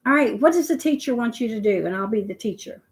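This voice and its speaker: A woman's voice: on the high side, expressive, quick pace, rough recording. An older woman chatting casually on a phone livestream, talking with lots of "you know" fillers and repeating herself. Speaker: livestream host.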